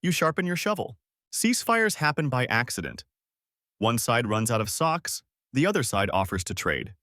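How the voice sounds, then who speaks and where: Male narrator, dry deadpan read, animated pitch, no room sound. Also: normal speed, dry recording. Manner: dry, clipped deadpan delivery in short sentences.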